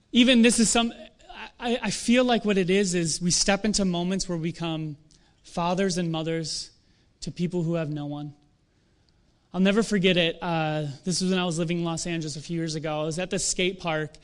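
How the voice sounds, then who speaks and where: Young man, high voice, preaching, casual and animated, joking at himself. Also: clean tone. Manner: conversational, animated, self-deprecating asides. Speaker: pastor. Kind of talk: sermon.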